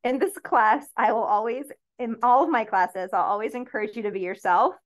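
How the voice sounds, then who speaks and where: A woman's voice: fairly high pitch, brisk. A woman leading a paint-and-sip class, giving upbeat, encouraging step-by-step instructions as she paints.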